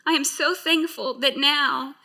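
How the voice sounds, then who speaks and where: A woman's voice: high voice, steady tone, measured pace, pushed and bright. A woman pastor in her late thirties sharing a personal testimony in a sermon, speaking in an earnest, heartfelt way. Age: late 30s.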